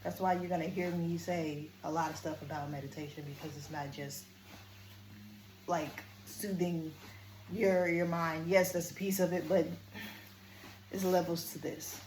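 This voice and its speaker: A woman's voice: on the low side, fairly even intonation, a little hiss or hum. Earnest woman vlogger in an echoey room. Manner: earnest, deliberate, shifts between firm and soft tones. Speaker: vlogger and coach. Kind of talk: casual talking-to-camera vlog.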